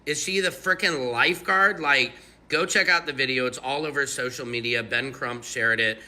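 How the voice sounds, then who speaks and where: A man giving casual, sarcastic commentary, mocking and animated. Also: medium pitch, normal speed. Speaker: online commentator.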